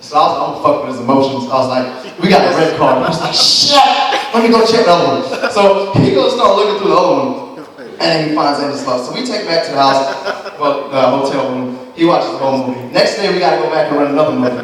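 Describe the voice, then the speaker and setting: A young man tells profane stand-up stories with lively impressions. His voice sits on the higher side. It carries from a distance across a roomy hall with a long echo. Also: fast talker. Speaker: stand-up comedian. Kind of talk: stand-up routine. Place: comedy club stage. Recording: echoey room from far off. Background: audience laughter.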